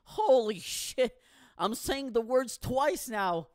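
A man in a profane comic rant, animated and swearing, with bursts of shouting. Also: high-pitched, measured pace, dry recording, clean studio sound.

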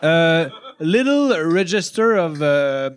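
A man's voice: fairly high pitch, big pitch swings, slow pace, smooth, no room sound. A man with a Quebec French accent, a native French speaker, hosting a casual podcast chat in English with many hesitations and frequent laughter. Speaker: podcast host.

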